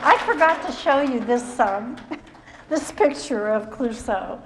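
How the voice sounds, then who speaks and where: Slow, encouraging woman leading an exercise routine. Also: a little high, a crowd in the background, background noise. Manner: encouraging, gives short calm step-by-step cues. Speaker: fitness instructor. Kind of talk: guiding a seated exercise routine on a live stage show. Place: stage at a live library show. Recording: music playing under the voice. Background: background music.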